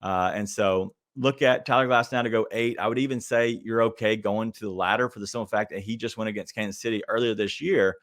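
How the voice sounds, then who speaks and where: Low-voiced man chatting on a betting podcast. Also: steady tone, brisk, hardly any pauses, a bit bright. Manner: chatty, speaks straight to listeners, lots of hesitation. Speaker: podcast host. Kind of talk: casual sports betting talk.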